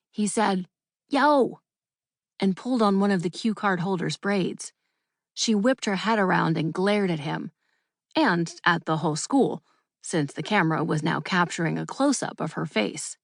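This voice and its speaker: A woman narrating a children's audiobook in a lively, expressive way. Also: fairly low pitch, creaky, no echo, studio quality. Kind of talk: scripted storybook narration.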